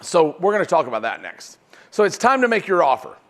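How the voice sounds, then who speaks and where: A man teaching sales at a live seminar in front of an audience. He talks in an animated way and keeps checking in with "right?". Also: sits high, a little fast. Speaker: sales trainer.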